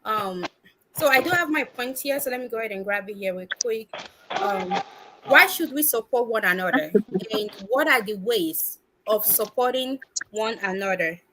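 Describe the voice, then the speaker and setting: A woman's voice: a little high, expressive, normal speed, noisy background. A woman hosting a casual livestream from home, upbeat and chatty, greeting viewers by name and laughing often. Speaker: livestream host. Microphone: wireless earphones and laptop.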